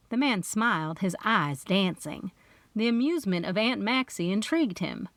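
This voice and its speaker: A woman's voice: medium pitch, expressive, normal speed, no room sound. Woman narrating an audiobook. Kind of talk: first-person audiobook narration.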